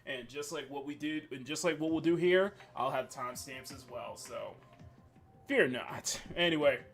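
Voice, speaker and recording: With faint menu music behind him, a young streamer chats in a loose, rambling way full of fillers and restarts. His voice is medium-pitched and slightly bright, at a moderate pace.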